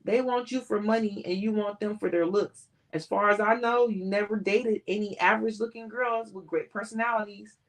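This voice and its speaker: A woman's voice: mid-range voice, steady tone, normal speed, few pauses, close to an everyday voice, poor audio. A woman reading as a blunt, fed-up young singer. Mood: challenging. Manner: blunt and challenging.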